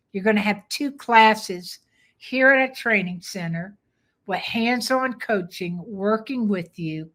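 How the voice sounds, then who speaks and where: A woman's voice: medium pitch, a bit bright. Firm older woman dog trainer. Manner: firm, direct, plainspoken. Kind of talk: live webinar sales pitch.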